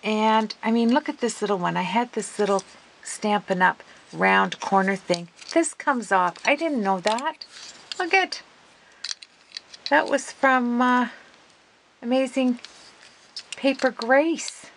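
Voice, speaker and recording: A woman hosting a casual craft video, gushing and excitable as she talks viewers through her work. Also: on the high side, takes it slowly, gravelly, long pauses, slight background noise, low-quality recording. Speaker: craft vlogger.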